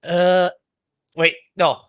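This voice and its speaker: A man's voice: high voice, monotone, extremely slow, fairly bright tone, clear, resonant tone, no echo. A man co-hosting a casual podcast, giving hesitant, bemused replies. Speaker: podcast co-host. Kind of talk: casual chat.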